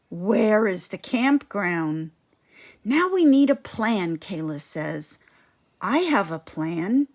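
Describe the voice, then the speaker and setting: A woman reading a bedtime story aloud in an expressive way. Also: lowish voice. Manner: slow, expressive. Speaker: storybook reader.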